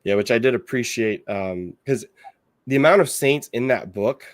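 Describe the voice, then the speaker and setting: A man hosting a podcast, talking in a relaxed, chatty way with his guest. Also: medium pitch, moderate pace, dry recording. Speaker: podcast host. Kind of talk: casual podcast conversation.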